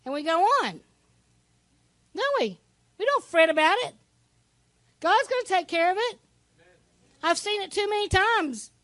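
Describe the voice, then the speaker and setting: A woman pastor preaching a sermon in a lively, conversational way, with asides to the congregation. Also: very high-pitched, a little slow, long pauses, dry recording.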